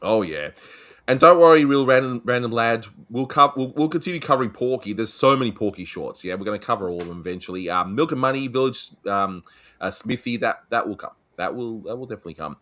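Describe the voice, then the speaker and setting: A man's voice: mid-range voice, fast talker. A man with an Australian accent hosting a casual chat, joking and bantering with his guest. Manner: jokey, lively banter. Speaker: host.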